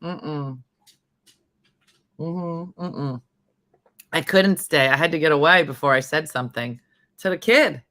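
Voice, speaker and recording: This morning-show host has a low-sitting voice, speaks slowly and pauses often. In casual chat she tells an animated story, acting out the quotes in character voices.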